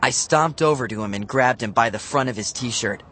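A man narrating a children's novel as an audiobook, in a lively, expressive storytelling manner. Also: medium pitch, moderate pace, a little hiss or hum.

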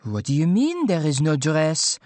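Male narrator playing a fussy mother, higher lilting voice, scolding, brisk, dry close sound. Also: wildly swooping pitch, darkish tone, dry recording. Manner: brisk, dismissive, motherly nagging. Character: fussy French mother, middle-aged, scolding. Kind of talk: audiobook character voice.

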